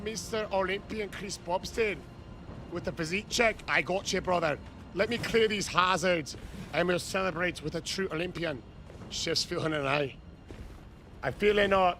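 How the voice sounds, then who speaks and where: A man streaming a game live, loudly toasting and thanking his chat with shouted cheers. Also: on the high side, unhurried, long pauses, slight background noise. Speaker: gaming streamer.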